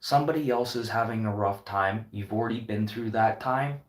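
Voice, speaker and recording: A restaurant owner speaks unscripted to the camera in a motivational vlog, his lowish voice at a moderate pace in an echoey room. He is earnest and impassioned, swearing heavily throughout.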